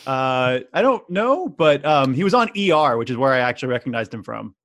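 A man with a lively, swinging pitch chats on a podcast. He sounds animated, and he sometimes stumbles and restarts his sentences. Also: brisk, no room sound, studio quality. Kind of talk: casual chat.

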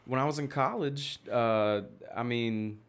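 A man's voice: mid-range voice, a little slow, clear, resonant tone. A young man from Tennessee, chatting as a podcast guest. He rambles from thought to thought, swears freely and laughs often. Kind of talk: casual chat.

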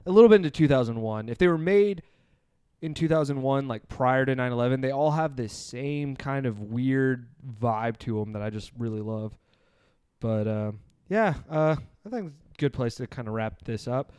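A man with a smooth, clean voice hosts a laid-back movie podcast. He rambles loosely and pokes fun at himself. The sound is dry and close, with no room around it. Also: medium pitch, lively intonation, moderate pace, a little mellow, no room sound. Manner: loose, rambling, self-deprecating. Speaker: podcast host. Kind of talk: casual podcast chat.

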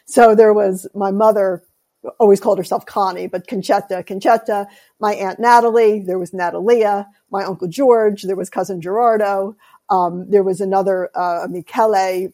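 A woman, an author, telling family stories in a casual interview, animated and laughing often, with a raspy voice. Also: medium pitch. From United States. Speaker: guest, author.

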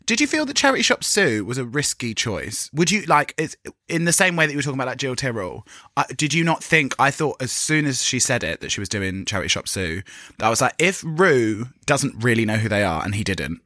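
A young man co-hosts a podcast in animated, gossipy chat, swearing and acting out other people's lines. His voice swings widely in pitch and has a bright, forceful edge. The sound is dry and close. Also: brisk, dry recording. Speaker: podcast co-host. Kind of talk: casual chat.

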